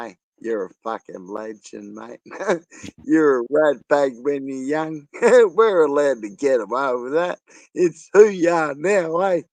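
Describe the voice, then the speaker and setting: A man's voice: medium pitch, no echo. A man chatting casually on a live stream, laughing often and bantering crudely.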